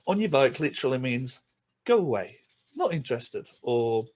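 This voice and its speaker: A man with a Yorkshire accent chatting casually to camera as a vlogger, chuckling between remarks and slipping into quick asides. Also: mid-range voice, big pitch swings, a little mellow. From England.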